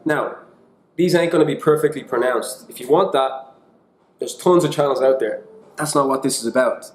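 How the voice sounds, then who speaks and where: In an echoey room, an online English teacher from Ireland talks through a relaxed lesson, self-deprecating and sprinkling in phrases from other languages. He has a mid-range voice and keeps a moderate pace.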